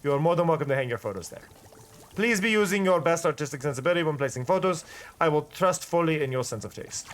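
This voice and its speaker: A person voicing a formal, overly polite shopkeeper with a fake accent, reading game dialogue aloud. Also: male voice, a little high, expressive, fast, close to an everyday voice. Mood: fussy.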